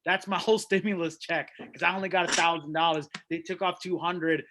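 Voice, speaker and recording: A man's voice: on the high side, fairly even intonation, fairly quick, background noise. A man hosting an open mic over a video call, riffing and rambling through stand-up bits in a self-deprecating way from a small room at home. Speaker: open mic host and comedian.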